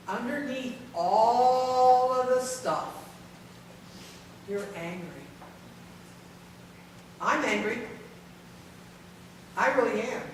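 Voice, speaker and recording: Woman giving a frank jokey talk, bit high voice, big echoey hall, mic far off. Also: a little hiss or hum. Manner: candid and self-deprecating, joking with the room. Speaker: speaker at a caregiver symposium. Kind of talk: conference talk to an audience. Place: large conference hall.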